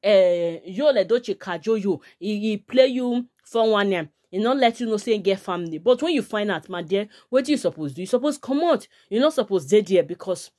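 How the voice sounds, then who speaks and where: A woman's voice: medium pitch, expressive, fairly quick, hardly any pauses, mellow. A woman with a Nigerian Pidgin accent, hosting a gossip vlog and chatting and scolding between short laughs. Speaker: gossip vlogger. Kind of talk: casual commentary to viewers.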